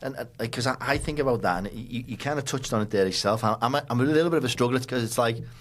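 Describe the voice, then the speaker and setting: A man's voice: medium pitch, racing. A man hosting a podcast in casual conversation, blunt and emphatic, swearing freely. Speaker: podcast host.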